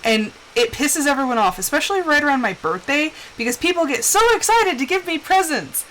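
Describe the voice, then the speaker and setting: A young woman talks candidly to her viewers while she plays a game live. Her voice sits a little high. A faint hum of background noise runs under her voice. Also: animated, brisk, a bit bright, rough recording. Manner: chatty and candid, acts out quoted voices. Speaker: streamer. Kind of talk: casual chat while gaming.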